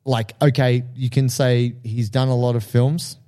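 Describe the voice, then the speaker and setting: A man in loose, animated conversation about films, his voice warm and mellow rather than bright. He swears freely and jumps into acted-out movie lines with excitement. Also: mid-range voice, measured pace. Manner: animated, swearing, acts out film quotes. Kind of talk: casual movie chat.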